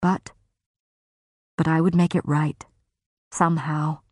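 A woman narrating a first-person fantasy novel in a measured, grave manner. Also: low voice, flat delivery, dry recording, clean studio sound. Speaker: audiobook narrator.

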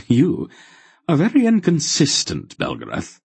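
A man voicing an earnest young man who speaks quietly and stubbornly. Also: a little high, huge pitch swings, a little slow, gravelly, husky, no echo, pitched above the performer's own voice, heavily acted. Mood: exasperated.

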